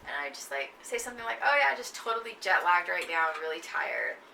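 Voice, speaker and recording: A woman's voice: fairly low pitch, sing-song, fairly quick, vocal fry, sharp tone. A woman from Texas teaching a poetry class in a conversational way, often checking in with "okay?" and "right?". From Texas, USA. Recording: echoey room, distant mic, noisy.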